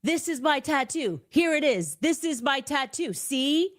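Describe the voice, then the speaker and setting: A woman's voice: mid-range voice, big pitch swings, measured pace. A woman mimicking a huffy, indignant man.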